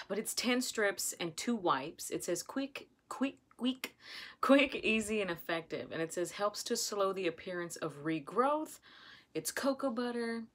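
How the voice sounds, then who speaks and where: A woman's voice: medium pitch, lively intonation, a little slow. A woman vlogging at home, nervously exclaiming and giggling as she reads product instructions aloud. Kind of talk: casual vlog, reading product instructions aloud.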